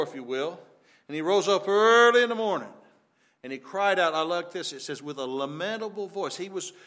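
A man's voice: mid-range voice, a bit bright. An older man preaching a sermon in a folksy way, often repeating words and rising for emphasis.

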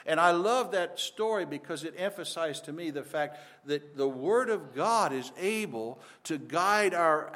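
A man's voice: fairly high pitch, fairly bright tone. An older man, a pastor, preaching a sermon in an earnest, conversational way, often restarting his words.

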